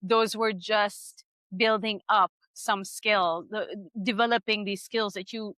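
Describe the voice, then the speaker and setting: A woman's voice: mid-range voice, steady tone, slow pace, fairly bright tone, no echo. A woman hosting a podcast interview, talking earnestly and effusively with frequent restarts and laughter. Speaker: podcast host.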